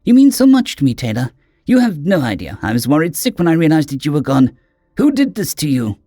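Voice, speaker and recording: A man's voice: a little high, huge pitch swings, fairly quick, warm tone, dry recording, studio quality, voice pushed up. A man voicing a worried, tender alien friend. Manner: earnest, anxious, protective.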